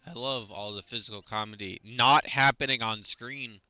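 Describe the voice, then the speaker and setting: Bright-voiced man doing wry game commentary. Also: mid-range voice, steady tone, normal speed, few pauses, no room sound. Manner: wry, joking running commentary. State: hiccuping. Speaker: gaming video creator. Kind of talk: let's play commentary, reading game dialogue aloud. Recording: faint background game music.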